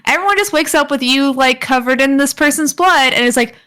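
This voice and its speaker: A woman's voice: sits high, brisk, bright, forceful tone. A woman co-hosting a podcast in casual chat, rambling with lots of fillers and giggles. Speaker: podcast co-host.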